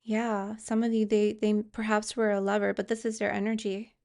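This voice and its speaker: A woman's voice: mid-range voice, completely flat delivery, moderate pace, vocal fry, darkish tone. A woman giving a tarot card reading, speaking hesitantly with fillers and restarts and reassuring viewers directly. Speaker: tarot reader.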